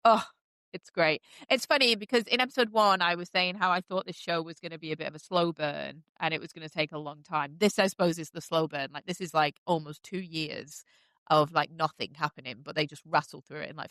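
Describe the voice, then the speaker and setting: A woman's voice: on the low side, fairly bright tone, dry recording. Gushing, chatty woman podcast host. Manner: gushing, chatty, many fillers and likes. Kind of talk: casual chat recapping a TV show.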